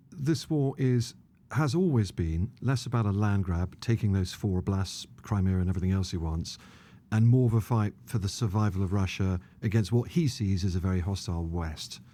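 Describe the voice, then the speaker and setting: A middle-aged man, a retired army general co-hosting a podcast, giving measured, authoritative analysis. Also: lowish voice, mellow.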